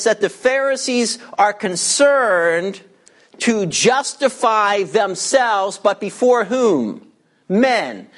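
A man's voice: sits high, a bit bright. A man preaching a verse-by-verse sermon, emphatic and teacherly, asking questions and answering them himself. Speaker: pastor.

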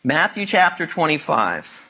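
A man's voice: fairly high pitch, very animated, a little slow, pushed and bright, breathy edge. A man preaching as pastor, reading scripture and teaching emphatically with playful asides.

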